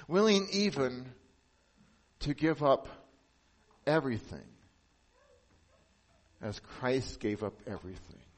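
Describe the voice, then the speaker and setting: Male pastor preaching, slightly high voice, earnest with quiet solemn stretches. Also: low-quality recording. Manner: earnest, dropping to hushed solemn emphasis. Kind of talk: sermon.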